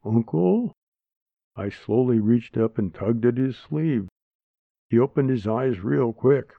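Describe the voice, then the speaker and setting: A man narrating a story aloud in a slow, plain manner. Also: mid-range voice, gravelly, no echo. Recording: dry, tinny phone-like sound.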